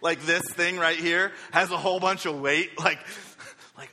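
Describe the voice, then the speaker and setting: A young man preaching a sermon, lively, slipping into the voices of the people he quotes. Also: a little high, normal speed. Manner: energetic, acts out quoted speakers with varying voices. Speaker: pastor. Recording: reverberant hall.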